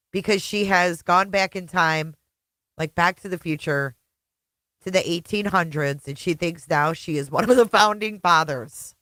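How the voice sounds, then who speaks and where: A woman's voice: fairly low pitch, fairly bright tone, no room sound. A woman hosting a reaction commentary, talking sarcastically and laughing often. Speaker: commentary channel host.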